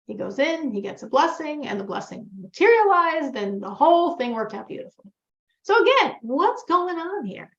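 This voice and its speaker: A woman teaches a religious class, telling stories in a high-pitched, creaky voice at normal speed. She animatedly acts out characters' lines as she quotes them, and the lo-fi recording sounds echoey and dull.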